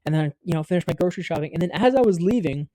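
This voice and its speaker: Mellow-voiced young American man rambling. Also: on the high side, lively intonation, racing. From United States. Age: 20s. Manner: rambling, heavy use of filler "like", swears freely. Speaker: vlogger. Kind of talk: casual storytelling monologue.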